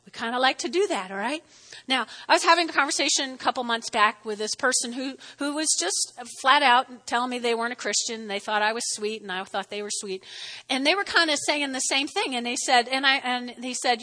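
Bright, high-voiced woman pastor preaching. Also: animated, normal speed. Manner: playful, exclamatory, chatty asides. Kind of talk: lively sermon. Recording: long reverb of a large hall.

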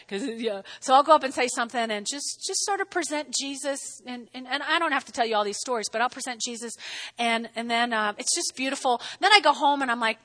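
A woman preaching a sermon in an animated way, often breaking off to ask "okay?" and acting out little scenes. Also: sits high, fast talker. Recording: long hall reverb.

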